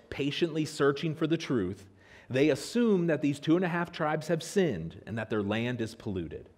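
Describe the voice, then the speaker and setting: An American man delivers a sermon as a church pastor, with a mid-pitched voice. His pitch rises and falls freely as he tells stories and builds his points. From Pennsylvania, USA. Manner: animated storytelling with lively pitch swings. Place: church sanctuary.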